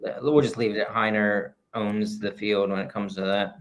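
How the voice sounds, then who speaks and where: A man co-hosting a casual podcast, laid-back and a bit halting, often restarting his sentences. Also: lowish voice, flat delivery. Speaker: podcast co-host.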